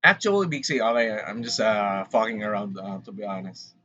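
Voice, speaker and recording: A man's voice: on the low side, a little fast, sharp tone. A man from the Philippines with a Filipino English accent, chatting casually on a livestream, rambling and dramatic as he talks straight to his chat. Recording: dull lo-fi stream audio. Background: faint background music.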